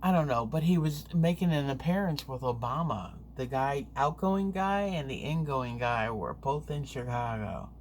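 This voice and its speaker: A woman vlogger telling a story to camera in a chatty, rambling, animated way. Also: a bass voice, moderate pace, hardly any pauses, slight background noise.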